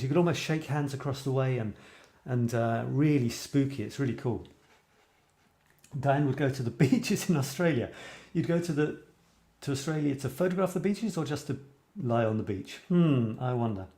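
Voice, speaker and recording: A man's voice: medium pitch, darkish tone. Chatty man reading comments. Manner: chatty, musing aloud, frequent fillers and restarts. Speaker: host of a photography live stream. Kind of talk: casual live-stream chat reading viewer comments. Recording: roomy echo.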